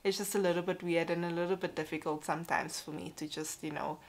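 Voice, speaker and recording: Young female vlogger, slightly low pitch, candid and chatty, casual to-camera talk. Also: fairly even intonation, fast talker. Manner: chatty, candid, frequent "like" and "you know". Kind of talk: casual personal vlog.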